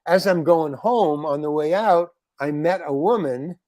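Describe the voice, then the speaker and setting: A man, a guest actor, telling a long anecdote in a casual interview, animated and saying "man" often. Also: on the high side, measured pace, no echo. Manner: animated anecdote teller, peppers talk with "man".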